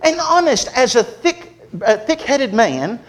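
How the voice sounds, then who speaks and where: A man preaching a sermon, moving from humorous storytelling to earnest, quieter exhortation. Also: very high voice, very animated, a little slow.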